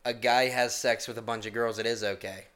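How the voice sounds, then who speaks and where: A man's voice: medium pitch, fairly even intonation, fairly quick, fairly bright tone. A young man co-hosting a casual podcast chat, making provocative claims in a mock-serious way. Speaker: podcast co-host.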